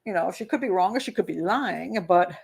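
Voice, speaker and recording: A woman's voice: on the low side, animated, fairly quick, vocal fry, husky. An older woman, a criminal profiler hosting a live show, chatting casually as she reads viewer comments, rambling with lots of fillers and little laughs. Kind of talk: casual live-stream commentary reading chat.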